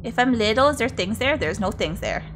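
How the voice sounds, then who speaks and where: A woman's voice: a little high, animated, fairly quick, fairly bright tone, faint music behind. A woman streaming a video game, chatting to herself and her viewers and swearing often as she plays. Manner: chatty, swears a lot, talks to herself and chat. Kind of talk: casual gameplay commentary.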